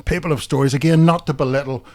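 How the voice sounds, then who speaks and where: A man's voice: a little high, steady tone, quick pace, a little mellow. A man with a Belfast accent, co-hosting a podcast and telling rambling funny anecdotes full of fillers. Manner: chatty storyteller with many fillers, laughs at own jokes. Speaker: podcast co-host. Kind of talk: casual anecdotal chat.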